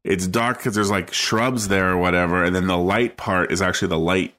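A man co-hosting a podcast in casual chat, relaxed and agreeable, thinking aloud. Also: low voice, a little fast. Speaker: podcast co-host.

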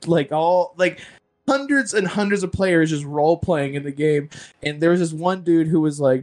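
Rambling higher-voiced man telling a story. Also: brisk, darkish tone. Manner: rambling storyteller with many fillers. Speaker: podcast co-host. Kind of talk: casual chat.

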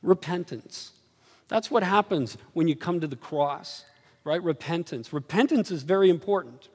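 A man preaching a sermon, telling stories animatedly and swinging from low murmurs to excited highs. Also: normal speed, slightly rough. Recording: reverberant hall.

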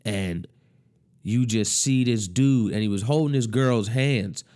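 Young man, low voice, loose and profane, retelling a show scene by scene. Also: a little slow. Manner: animated storytelling, profane slang. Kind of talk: casual recap of a TV show.

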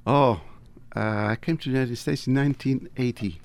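A man with a Tuscan Italian accent, a native Italian speaker, telling stories as an interview guest with animated delivery and wide swings in pitch. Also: moderate pace. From Italy. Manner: animated, big pitch swings, acts out dialogue. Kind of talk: interview storytelling.

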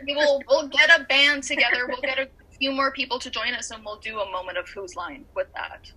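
A woman's voice: high-pitched, fairly even intonation, a little fast, pushed and bright, breathy edge, rough recording. A woman co-hosting a casual podcast, announcing game results with lots of laughter. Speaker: podcast co-host running a game night.

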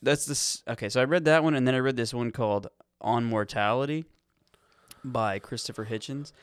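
A man's voice: medium pitch, moderate pace, clean tone, no echo, studio quality. A man co-hosting a crude comedy podcast, telling rambling, profane stories with sudden outbursts. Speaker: podcast co-host.

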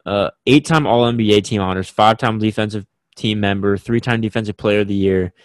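A man's voice: on the low side, brisk, smooth, dry recording. A young man co-hosting a podcast, chatting casually about basketball with lots of "like" fillers. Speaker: podcast co-host. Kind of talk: casual sports chat.

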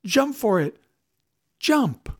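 A man's voice: a little high, unhurried, noisy background, close to an everyday voice. A man playing a skilled, confident sailor captaining a yacht, speaking in a raised, commanding voice. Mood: urgent.

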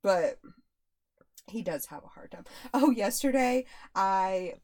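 Animated young woman telling family stories. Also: medium pitch, takes it slowly. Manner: animated storytelling, laughs often. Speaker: podcast co-host, mother. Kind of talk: casual chat.

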